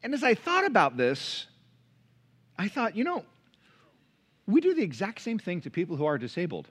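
A pastor preaches from the pulpit, a man with a voice pitched slightly high and a bright, forceful tone. His delivery is lively and animated, and his pitch swoops widely as he acts out the voices of people in his stories. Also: normal speed, breathy edge. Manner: animated storytelling, acting out quoted voices. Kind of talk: sermon. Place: church sanctuary. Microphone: pulpit mic.

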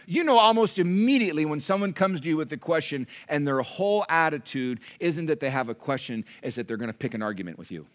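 A man preaching a sermon to a church congregation as pastor, animated, swinging between loud emphasis and hushed low passages.

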